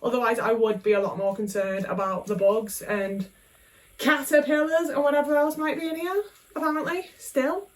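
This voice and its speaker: A woman's voice: high voice, fairly even intonation, normal speed, recorded from a distance, low-quality recording. Chatty woman in her kitchen. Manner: chatty and self-mocking, with constant tag questions. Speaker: vlogger. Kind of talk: casual cooking vlog chat.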